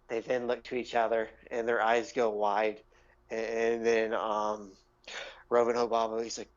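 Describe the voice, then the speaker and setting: A man's voice: on the low side, little pitch movement, normal speed. A man narrating as game master of a tabletop game, rambling with lots of fillers, on a dull lo-fi recording.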